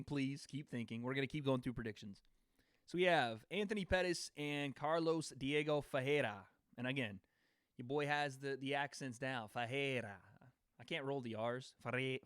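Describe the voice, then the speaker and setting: A man's voice: mid-range voice, a bit bright, clean tone, dry recording, clean studio sound. A young man hosting a casual livestream, laughing and bantering with chat before giving fight predictions. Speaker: livestream host.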